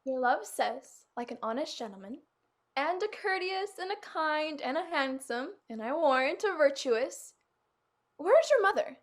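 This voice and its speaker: Woman acting old nurse, chatty, teasing, giggling, high voice, video-call reading. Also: animated, normal speed. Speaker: actor. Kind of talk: virtual staged reading.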